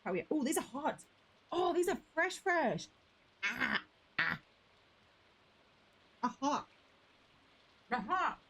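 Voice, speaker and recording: A woman's voice: high-pitched, very animated, takes it slowly, vocal fry, long pauses, fairly bright tone, rough recording. A young woman streaming a farming game, chatting affectionately with viewers and calling them "lovely" and "darling". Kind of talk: casual live-stream chat.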